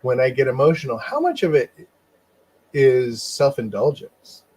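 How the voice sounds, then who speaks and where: A man in casual conversation, reflecting in a measured way and murmuring agreement while the other man speaks. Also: medium pitch, lively intonation, darkish tone, husky. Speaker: podcast co-host.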